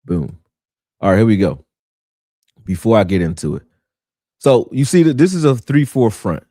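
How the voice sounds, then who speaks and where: A man hosting a casual live football film breakdown, talking in an animated, argumentative way and answering people in the chat. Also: fairly low pitch, normal speed, no echo, studio quality.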